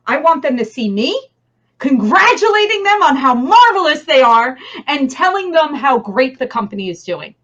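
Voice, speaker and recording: A woman with a New Jersey accent, a guest in a casual interview over a video call, enthusiastic and quick to laugh. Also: high voice, a bit bright, highs cut off.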